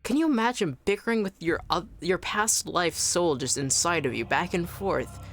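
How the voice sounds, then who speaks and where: A woman's voice: on the low side, expressive, normal speed, faint music behind. A woman streamer giving casual, chatty commentary on a game, with many fillers.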